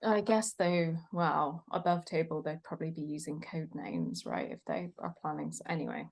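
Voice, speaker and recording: A woman's voice: low-pitched, expressive, normal speed, creaky, husky. A woman playing a tabletop game, chatting casually and thinking aloud in a tentative way. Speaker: player.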